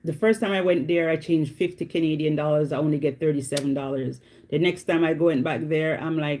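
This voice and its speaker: A woman talking casually to her viewers in a warm, mellow voice. She rambles and circles back on her own words, often asking whether you follow. The chat is loose, unscripted and easygoing. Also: deep voice, steady tone, a little fast, few pauses, slight background noise. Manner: chatty, repeats herself, often asks "you know what I mean". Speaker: vlogger.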